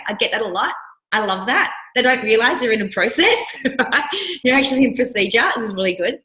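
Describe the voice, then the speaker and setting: A woman coach with a voice on the high side speaks fairly quickly while teaching a workshop. She tells personal stories with animation, acting out the voices of people she quotes, and the recording carries a roomy echo.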